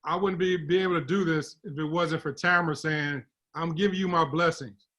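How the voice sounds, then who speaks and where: A man's voice: on the high side, fairly even intonation, a little fast, fairly bright tone. A man speaking briefly and gratefully on a video call. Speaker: team leader on the call.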